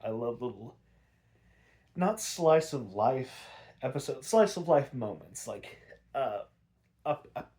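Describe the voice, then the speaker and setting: A man hosts a laid-back podcast, recapping an episode in a loose, rambling way. He leans on fillers and restarts and swears freely. His voice sits at a middling pitch. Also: big pitch swings, takes it slowly, long pauses, mellow. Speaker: podcast host.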